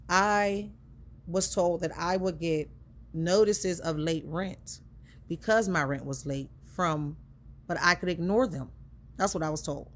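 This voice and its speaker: A woman with a somewhat low voice recounts a hard chapter of her life. She talks conversationally and earnestly, circling back and repeating herself, her feelings close to the surface. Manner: earnest, emotional, conversational with repetitions. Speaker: storyteller. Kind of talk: personal storytelling.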